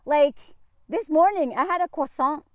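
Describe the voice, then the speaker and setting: American woman vlogging, laughs a lot, kinda high voice, dry close sound. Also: moderate pace, no echo. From United States. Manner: chatty, laughs often, mimics people in asides. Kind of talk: casual chat.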